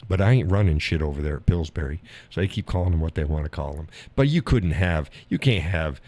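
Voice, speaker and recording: A man's voice: low voice, a little mellow, dry recording. A man hosting a live stream, chatting casually with viewers in a folksy, drawling way and laughing often.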